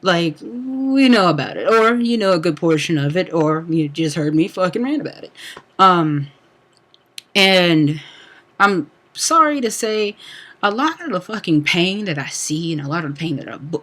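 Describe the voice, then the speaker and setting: A man's voice: sits high, sharp tone. Heated, swearing young man ranting. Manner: profane, heated, frequent fillers. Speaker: speaker on a livestream talk. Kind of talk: angry personal rant.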